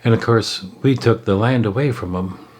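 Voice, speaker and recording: A man telling a story aloud, unscripted, in a halting way with pauses and restarts. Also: lowish voice, darkish tone. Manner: halting, with frequent fillers and restarts.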